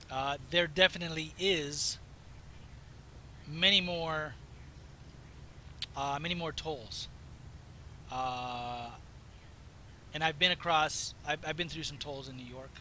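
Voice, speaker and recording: A man from the Southwest United States, chatting casually and meandering as he plays a driving game, his voice slightly hoarse. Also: fairly high pitch, sharp tone, a little hiss or hum, poor audio. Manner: chatty, meandering, self-interrupting. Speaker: gaming video host. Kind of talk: casual rambling commentary while playing.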